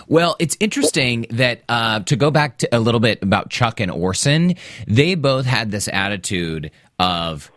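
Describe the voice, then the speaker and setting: A man co-hosting a casual podcast about a TV drama, animated and laughing easily. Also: mid-range voice, normal speed, no echo, clean studio sound. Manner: animated, laughs easily, acts out quoted lines. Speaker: podcast co-host. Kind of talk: casual TV recap chat.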